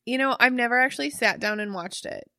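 A woman's voice: a little high, fast, sharp tone, dry recording, clean studio sound. A young woman co-hosting a podcast in casual chat, chatty and casual, swearing freely.

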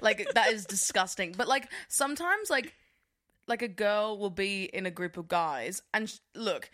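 Bright-voiced young woman chatting animatedly. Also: medium pitch, moderate pace. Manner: animated, laughing, lots of fillers. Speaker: podcast co-host. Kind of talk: casual chat.

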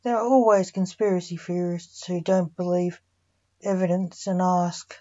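A woman storyteller reading a story aloud at a very slow pace. Her voice is dark and mellow, and the recording sounds dull and lo-fi. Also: lowish voice, fairly even intonation. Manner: slow, plain narration.

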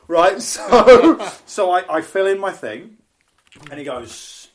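A man's voice: a little high, big pitch swings, unhurried. Man telling wrestling anecdotes. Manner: chatty anecdotes, acts out quoted voices, frequent "um". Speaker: podcast host, wrestling promoter and announcer. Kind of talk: casual podcast storytelling.

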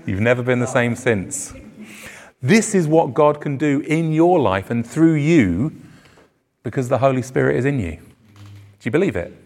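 A man's voice: mid-range voice, expressive, measured pace, pauses often, darkish tone. A man preaching a sermon to his congregation, earnest and emphatic, his phrases rising on key words. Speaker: pastor. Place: church service venue.

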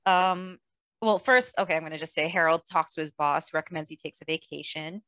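A woman's voice: deep voice, brisk, smooth, no echo, clean studio sound. A woman hosting a podcast, chatting casually about a movie, laughing often and peppering her talk with "like.". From outside the US. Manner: laughs often, animated, says "like" a lot. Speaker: podcast host. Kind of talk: casual movie review chat.

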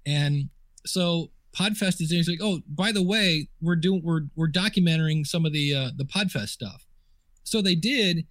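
A man's voice: fairly high pitch, moderate pace, fairly bright tone, no room sound, studio quality. A man guesting on a podcast interview, telling chatty anecdotes full of quoted dialogue and fillers. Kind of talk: casual storytelling interview. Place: home office desk.

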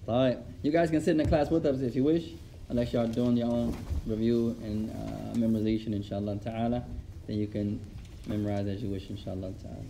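Fast-talking man teaching a religious class. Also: on the low side, creaky, slight background noise. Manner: animated storytelling, repeats lines for emphasis. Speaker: Islamic studies teacher. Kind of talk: religious class lesson with storytelling.

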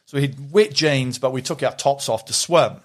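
A man's voice: mid-range voice, moderate pace. A man telling a rambling, laughing anecdote as a podcast guest, swearing freely. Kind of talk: casual storytelling.

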